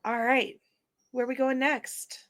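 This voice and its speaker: A woman narrating a tabletop game as game master, describing scenes in a halting way with many pauses and fillers. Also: high voice, level tone, fairly bright tone.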